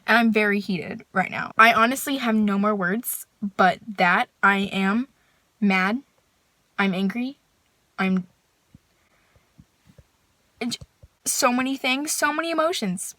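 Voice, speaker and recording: A woman's voice: mid-range voice, slow, pauses often, pushed and bright. A young adult woman casually vlogging about her reading, gushing and emphatic, full of fillers. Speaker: book vlogger.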